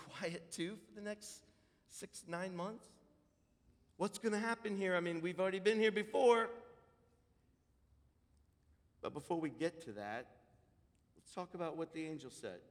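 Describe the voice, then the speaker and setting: A man preaching a sermon, exhorting emphatically and swinging from loud declarations to hushed asides. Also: high voice, expressive, normal speed. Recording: long hall reverb.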